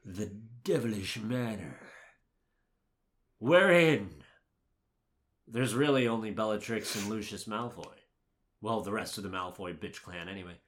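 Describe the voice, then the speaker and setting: A man in casual chat, recapping a film with animated, exasperated, sweary ranting. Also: fairly low pitch, brisk. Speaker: podcast co-host recapping a film. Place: home room, packing to move.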